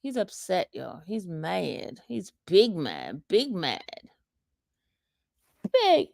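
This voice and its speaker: Female livestream host, gravelly, slow delivery, teasing chat. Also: on the low side, wildly swooping pitch, a little mellow, no echo, clean studio sound. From New York. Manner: taunting, reading chat comments aloud.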